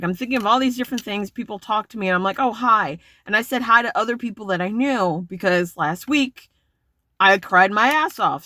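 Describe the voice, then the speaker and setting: Bright-voiced woman, rambling vlog confession. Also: medium pitch, no room sound, studio quality. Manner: rambling, self-critical, swears freely. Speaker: vlogger.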